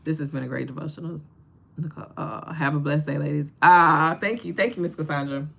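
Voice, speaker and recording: Talking a little fast, the livestream host has a low, slightly rough voice with vocal fry. She's animated and laughs frequently, speaking straight to her audience in a casual, preachy, encouraging way.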